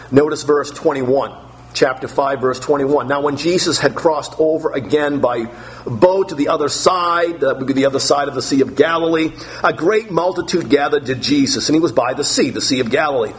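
Guy preaching a sermon, kinda high voice, keeps repeating himself for emphasis, faint hum behind. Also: moderate pace, low-quality recording. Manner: emphatic, repetitive, rhetorical questions. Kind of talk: expository sermon.

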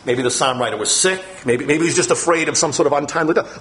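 A man preaching a sermon on the Psalms, talking straight to his listeners and reading scripture slowly with emphasis. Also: fairly high pitch, a bit bright. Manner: talks directly to listeners, thinks aloud. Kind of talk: sermon teaching through the Psalms.

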